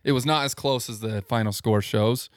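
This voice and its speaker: A man recapping basketball games on a casual podcast in quick bursts, with filler ums. His voice has an average male pitch. The sound is dry and close-miked. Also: no room sound. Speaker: podcast co-host. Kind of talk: casual sports chat.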